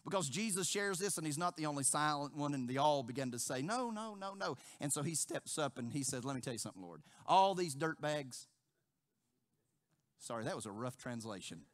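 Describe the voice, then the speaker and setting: A male pastor preaching a sermon, repeating phrases and acting out quotes with big swings from quiet to loud. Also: medium pitch, quick pace, few pauses. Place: church sanctuary.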